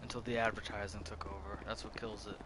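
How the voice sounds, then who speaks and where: A man's voice: lowish voice, flat delivery, fast, noisy background. A man in his thirties giving casual gameplay commentary, rambling and swearing freely, often restarting his sentences. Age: 30s. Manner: rambling, profane, self-interrupting. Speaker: gameplay streamer.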